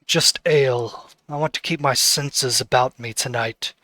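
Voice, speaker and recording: A man voicing a mysterious cloaked nobleman in a tabletop game, speaking slowly, low and deliberately. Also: bright, forceful tone. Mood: cold.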